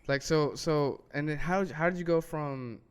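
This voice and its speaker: A man hosting a casual interview, asking curious, playful questions and repeating words when excited. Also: on the high side, moderate pace, clean tone. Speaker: interview host.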